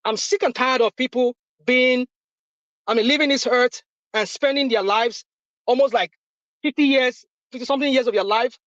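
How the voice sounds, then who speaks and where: A man's voice: very high voice, moderate pace, fairly bright tone, no echo. A Nigerian man in his fifties talks bluntly and with passion in a heated live audio chat, circling back over his points as he speaks. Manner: impassioned, repetitive, blunt. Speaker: discussion panelist. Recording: dull lo-fi audio.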